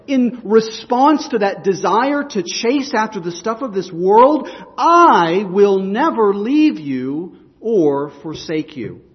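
Male pastor, high voice, measured delivery, earnest preaching; dull recording with long hall reverb. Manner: earnest, emphatic preaching with repeated restarts. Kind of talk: sermon.

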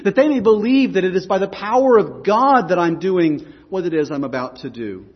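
High-voiced husky preacher in a hall. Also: male voice, animated, moderate pace, hardly any pauses, dull audio. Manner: explanatory, asks the congregation questions. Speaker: pastor. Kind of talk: sermon.

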